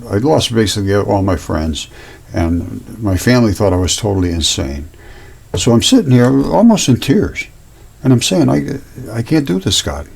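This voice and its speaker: A man's voice: lowish voice, big pitch swings, moderate pace, gravelly, darkish tone, husky. A man hosting his own channel, talking casually and earnestly over images, rambling and repeating himself. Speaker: host.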